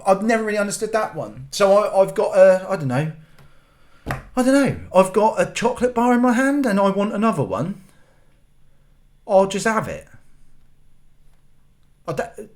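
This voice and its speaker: A man's voice: high voice, sing-song, normal speed, pauses often, a little mellow. A man hosting his own channel, ranting in an exasperated, sweary, rambling way. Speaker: channel host. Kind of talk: ranting vlog monologue.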